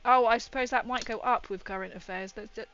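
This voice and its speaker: A woman's voice: a little high, quick pace, a bit bright, no room sound, highs cut off, faint music behind. A young woman chatting casually on a livestream while building a model, rambling and often laughing.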